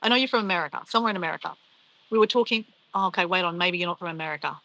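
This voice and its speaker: A woman's voice: lowish voice, rapid-fire, sharp tone, poor audio. A young woman chatting casually on a travel live stream, rambling and laughing as she reads viewer comments.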